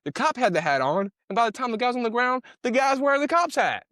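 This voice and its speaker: Extremely high-pitched and sing-song, this man talks quickly with a fairly bright tone, recorded in a clean studio without echo. As a commentator on police footage, he's slangy and conversational, repeating himself and tossing in sound-effect words.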